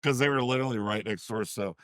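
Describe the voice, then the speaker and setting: A man tells a workplace story with lots of animation, acting out every quote and stumbling over repeated "I said"s. His voice is mid-pitched and the studio sound is dry. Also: fast, a bit bright, no echo. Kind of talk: casual anecdote in a talk show.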